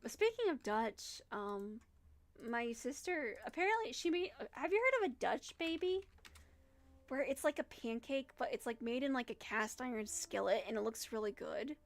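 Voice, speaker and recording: A woman's voice: a little high, animated, moderate pace. A young woman with a Midwestern accent, chatting casually on a livestream, rambling and giggling as she answers chat. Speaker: streamer.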